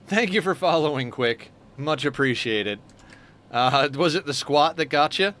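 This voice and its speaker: A man's voice: a little high, expressive, measured pace, a bit bright. A man streaming a game live, chatting casually and answering his viewers as he plays. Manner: chatty, answers viewer chat while playing.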